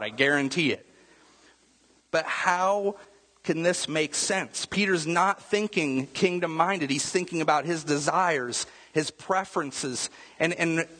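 Man, pastor, casual sermon, husky voice, rhetorical questions, echoing hall. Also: a little high, pushed and bright. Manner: casual, rhetorical asides with frequent "right?". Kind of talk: conversational sermon.

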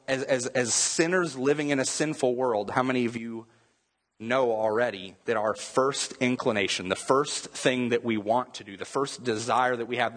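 Male pastor, mid-pitched voice, emphatic repeating sermon delivery, long church reverb. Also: fairly bright tone. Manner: repetitive, emphatic preaching with restarts.

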